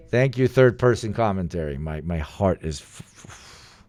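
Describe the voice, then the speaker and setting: A man hosting a livestream in casual chat, excitable and swearing, pleading loudly with his viewers. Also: low voice, measured pace, no room sound. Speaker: livestream host.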